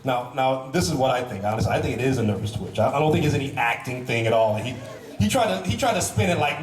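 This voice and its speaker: A man's voice: mid-range voice, lively intonation, quick pace, soft background music. A man speaking as a guest on a convention panel, telling stories animatedly, laughing and restarting often. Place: large convention hall. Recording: echoey hall from far off, noisy.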